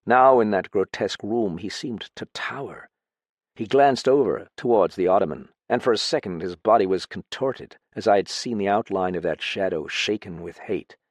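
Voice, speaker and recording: A man narrating a mystery audiobook in a measured storytelling manner. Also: lowish voice, dry recording, clean studio sound. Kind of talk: scripted narration.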